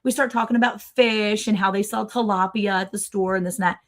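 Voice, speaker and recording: Middle-aged woman, livestream host, casual chatty storytelling, lively, acts out voices. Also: mid-range voice, a little fast. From Maryland, USA. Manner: animated storyteller, acts out other people's voices.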